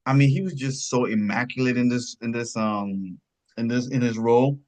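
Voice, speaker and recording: A man's voice: medium pitch, moderate pace, a little mellow. A man co-hosting a casual film review podcast over a video call, rambling and tacking on "and stuff like that.". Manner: rambling, often adds "and stuff like that". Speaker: podcast co-host.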